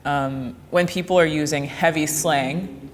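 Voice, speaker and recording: A Canadian-raised woman talking in a lively, laughing way in an interview, explaining her ideas. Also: low voice, measured pace, in a large hall, a little hiss or hum. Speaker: actor.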